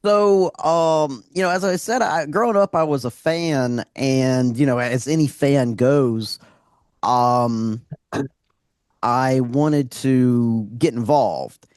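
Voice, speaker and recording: A man's voice: mid-range voice, slow pace, darkish tone, clean tone, no echo, clean studio sound. A man in his thirties, a guest wrestling ring announcer, telling his story in casual podcast chat, with many fillers and restarts.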